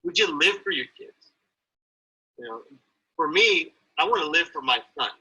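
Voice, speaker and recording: A man with a husky, bright and forceful voice speaks earnestly in an interview. He sounds motivational, pressing his points about fatherhood and health. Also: a little high, wildly swooping pitch, normal speed, low-quality recording. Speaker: guest, father. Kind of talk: interview conversation.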